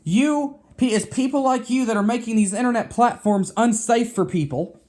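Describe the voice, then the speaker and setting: A man with a fairly high voice delivers a heated vlog rant. He curses freely, stumbles and restarts his words, and keeps circling back to the same points. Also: moderate pace, darkish tone. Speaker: vlogger. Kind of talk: angry rant to camera.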